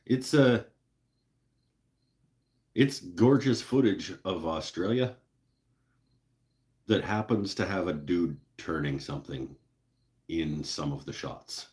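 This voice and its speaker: Low-voiced man rambling on a live stream. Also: slow, pauses often, a little mellow. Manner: rambling, laid-back, casual swearing. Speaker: woodworking channel host. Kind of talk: casual live-stream chat.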